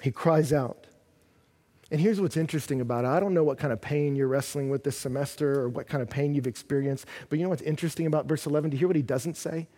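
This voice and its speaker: A man preaching a sermon, earnest and building from quiet passages to loud, intense ones. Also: fairly high pitch, fairly even intonation, fast. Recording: long reverb of a large hall.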